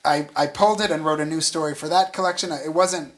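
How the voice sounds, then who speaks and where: A man's voice: fairly high pitch, steady tone, fast talker. Rambling man, self-interrupting author. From United States. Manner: rambling, restarts often, chuckles as he talks. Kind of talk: casual onstage talk. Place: stage at a literary event before an audience.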